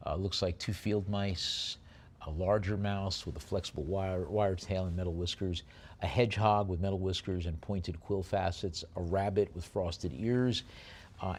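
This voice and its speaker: A man calling a live auction, rattling off bids in a quick chant and slowing down to describe each lot. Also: sits low, husky. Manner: rapid bid-calling chant alternating with slower item descriptions.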